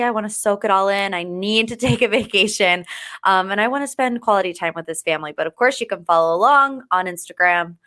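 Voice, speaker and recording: A woman's voice: medium pitch, a bit bright, smooth. A woman hosting a pop-culture podcast, chatting casually in a bubbly way and often saying "like". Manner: chatty and bubbly, with frequent "like" fillers. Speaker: podcast host.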